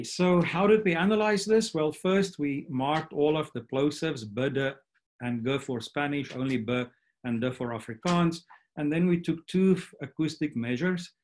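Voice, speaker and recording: A man lectures at an online academic workshop, pitched in the middle range. He explains things step by step and keeps checking in with his listeners by asking "right?". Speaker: guest lecturer.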